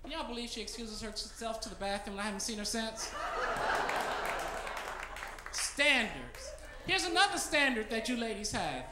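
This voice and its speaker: A man's voice: high voice, expressive, moderate pace, long pauses, heavy background noise. A man doing a stand-up comedy set on a club stage, brash and teasing the audience, on a handheld mic. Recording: roomy club with loud crowd.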